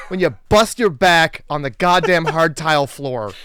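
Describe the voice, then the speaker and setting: A man co-hosting a movie podcast in casual chat, animated and laughing often. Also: a little high, measured pace, noisy background. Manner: animated, laughs often, puts on silly voices. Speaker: podcast co-host.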